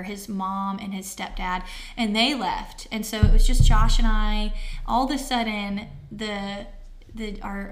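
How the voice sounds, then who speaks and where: A woman's voice: medium pitch, a bit bright. A woman in her thirties telling a personal story as an interview guest, candid and heartfelt, with many fillers. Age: 30s.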